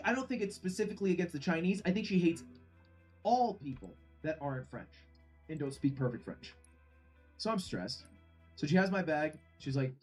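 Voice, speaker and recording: A man streaming and casually telling an animated story, swearing freely along the way. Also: fairly high pitch. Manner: animated and profane.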